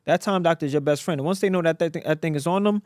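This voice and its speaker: A man from Africa, a guest entrepreneur in a casual podcast interview, telling stories in a slangy, animated way with lots of repetition. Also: fairly high pitch, racing, dry recording, studio quality.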